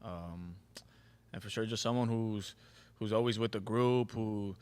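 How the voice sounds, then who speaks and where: A man in his twenties, a team captain being interviewed, easygoing and modest with relaxed fillers. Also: lowish voice, unhurried, clean tone. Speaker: guest, soccer team captain. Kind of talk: casual interview.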